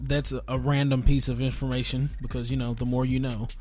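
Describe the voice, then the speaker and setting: A man's voice: mid-range voice, little pitch movement, a little fast, darkish tone, soft background music. A man co-hosting a casual podcast, chatty and laughing often as he tells stories. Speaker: podcast co-host. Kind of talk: casual chat.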